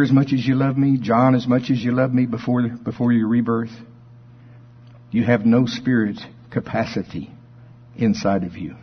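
Folksy preacher man with a husky voice. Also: mid-range voice. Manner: folksy, animated storyteller. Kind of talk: sermon with a folksy storytelling tone. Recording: dull sound with long hall reverb.

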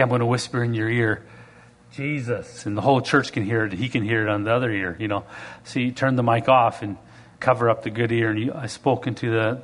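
A man preacher delivering a sermon, telling stories and acting out the people in them, building to emphatic, rising passages. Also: mid-range voice. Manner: animated, rising to emphatic preaching with acted-out quotes. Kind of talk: sermon with storytelling.

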